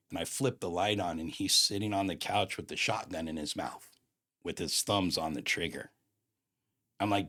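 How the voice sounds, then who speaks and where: A man's voice: deep voice, normal speed, fairly bright tone. A man in his fifties telling a personal story in a casual, slangy, emphatic way, acting out the dialogue. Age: 50s.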